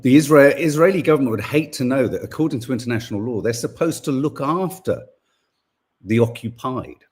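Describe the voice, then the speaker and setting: A man's voice: medium pitch, expressive, brisk, a little mellow, slightly rough. A middle-aged man, co-hosting an opinion podcast in a rambling, sarcastic, exasperated way full of fillers. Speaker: podcast co-host. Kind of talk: casual opinion podcast monologue.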